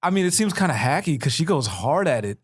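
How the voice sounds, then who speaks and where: A man's voice: a little high, sing-song, fast, breathy edge. A man co-hosting a podcast, chatting casually with teasing jokes. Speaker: podcast co-host. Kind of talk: casual chat.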